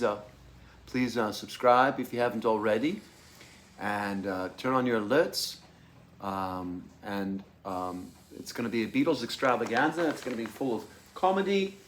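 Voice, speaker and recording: A man hosting his music channel, chatting casually to camera. He talks in an excitable way, with many fillers and restarts. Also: mid-range voice.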